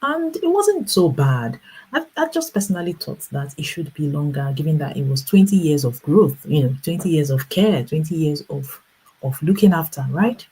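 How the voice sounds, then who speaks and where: Low, mellow-voiced woman telling a story. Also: normal speed, slightly rough, rough recording. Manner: animated storyteller, acts out quoted voices with laughs. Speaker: livestream host and business coach. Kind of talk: casual storytelling livestream.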